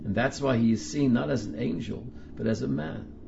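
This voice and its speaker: A man teaching a class, reading passages aloud and explaining them, slowing down to stress key words. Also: mid-range voice, vocal fry, highs cut off, background noise. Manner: emphatic, slows down to stress words. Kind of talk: text study lecture.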